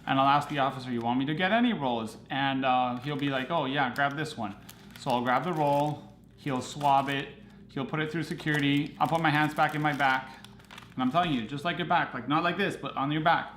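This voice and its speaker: A man's voice: a little high, a little fast, fairly bright tone, echoey room, slight background noise. A man hosting a photography livestream, rambling casually as he answers viewer comments.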